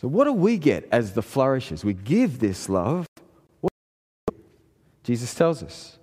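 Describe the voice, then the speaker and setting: A man preaching a sermon, telling a family story in an earnest way and rising in pitch when he presses a point. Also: very animated, measured pace, long pauses, a little mellow, breathy edge. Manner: earnest storytelling, pitch climbing in emphatic passages. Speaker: pastor. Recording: long hall reverb.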